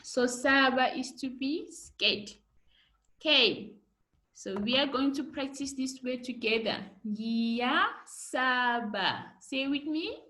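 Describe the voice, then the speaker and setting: A woman teacher giving a recorded home lesson, slowly modelling each word for children to repeat. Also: sits high, bright, forceful tone. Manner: slow, drawn-out modelling of words for repetition. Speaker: primary school teacher.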